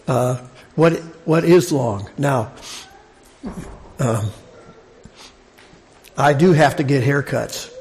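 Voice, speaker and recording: A man preaching a sermon in a conversational, halting way, often restarting his sentences. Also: mid-range voice, darkish tone, slight background noise. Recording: long reverb of a large hall.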